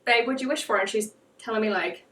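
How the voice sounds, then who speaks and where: Bright, chatty young woman in echoey room. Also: fairly high pitch, fast, far from the mic. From United States. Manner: chatty, lots of "like" fillers. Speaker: podcast guest. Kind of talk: casual chat, storytelling.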